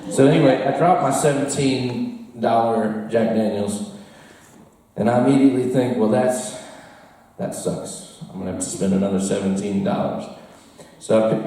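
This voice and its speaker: Picked up from a distance in an echoey room, a lowish, warm-voiced American man spins a rambling, self-mocking story to a live bar crowd. He often laughs along at his own tale.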